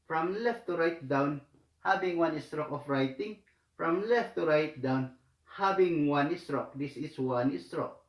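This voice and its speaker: A man gives a slow language tutorial, pausing often and repeating himself as he explains each step. His voice sits a bit high for a man. The sound carries a noticeable room echo. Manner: hesitant, many fillers and repeated words. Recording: echoey room.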